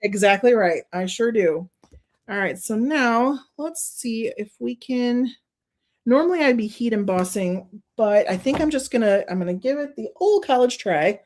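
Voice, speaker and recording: Chatty woman with a slightly high voice. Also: animated, normal speed, a little mellow. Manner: chatty, laughs often, thinks aloud; gushing, openly emotional. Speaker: card-making stream host. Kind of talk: casual crafting demonstration.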